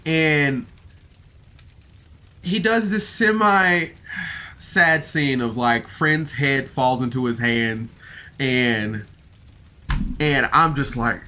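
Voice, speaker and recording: A man's voice: mid-range voice, expressive, takes it slowly, long pauses, bright, forceful tone. A man giving a casual, rambling review of a podcast episode on camera, emotional and full of fillers. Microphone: camera mic, seated on camera.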